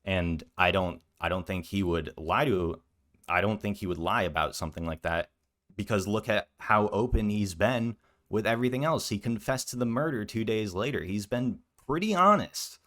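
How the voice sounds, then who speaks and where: Male reaction commentator, very low voice, blunt and scornful, sarcastic. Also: normal speed, fairly bright tone. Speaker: commentary youtuber.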